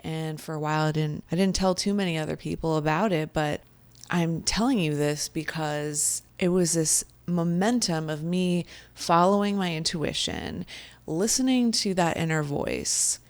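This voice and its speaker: A young adult woman, a spiritual coach, telling a personal story to camera in a chatty, animated way with lots of fillers. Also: deep voice, creaky, dry recording.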